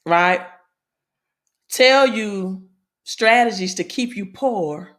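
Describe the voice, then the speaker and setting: A woman's voice: medium pitch, drawn-out words, fairly bright tone. A woman with a Southern accent hosts a casual money livestream. She rambles in a chatty way and keeps checking in with "right?". When she reads the news aloud, she stumbles over the words. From Mississippi, American South. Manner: chatty, repeats herself, tags sentences with "right?". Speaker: livestream host on crypto and money.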